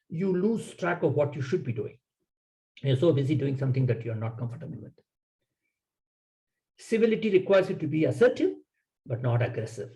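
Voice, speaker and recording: A man's voice: mid-range voice, mellow, low-quality recording. A man leads a public speaking workshop, talking in a mid-range voice. He coaches in short, emphatic instructions and leans on key words. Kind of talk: workshop lecture.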